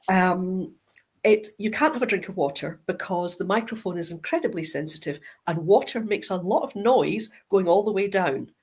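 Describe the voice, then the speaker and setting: A middle-aged Scottish woman, a guest author in an interview, telling stories with lively acted-out quoted dialogue. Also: lowish voice, husky. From Scotland. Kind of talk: interview anecdote.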